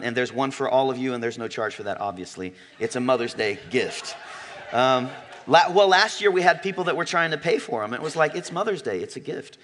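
A man pastor preaching a sermon in church, emphatic, swinging from quiet asides to near-shouts and slowing down for stress. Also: mid-range voice, slight background noise. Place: church sanctuary.

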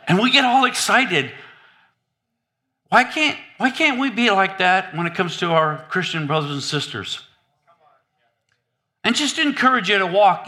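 A man preaching a sermon in an animated, humorous, conversational way. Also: high voice, unhurried.

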